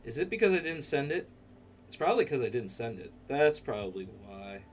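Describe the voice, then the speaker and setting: A man hosting a live stream in casual chat, loud, excitable and rambling. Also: mid-range voice, brisk, faint music behind. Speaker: livestream host.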